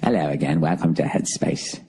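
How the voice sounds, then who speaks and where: A man doing a hushed British meditation guide. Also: extremely low pitch, moderate pace, breathy edge, pitched below the performer's own voice, exaggerated voice. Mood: soothing. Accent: British (put on). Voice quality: soft, soothing. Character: calm soothing male British meditation guide.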